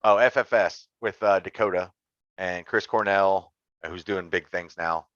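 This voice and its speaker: A man's voice: low-pitched, fairly even intonation, measured pace, a bit bright, dry recording. Blunt, joking man, dry lo-fi sound. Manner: blunt, joking, folksy grammar. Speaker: podcast guest, sim racer. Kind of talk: casual podcast chat.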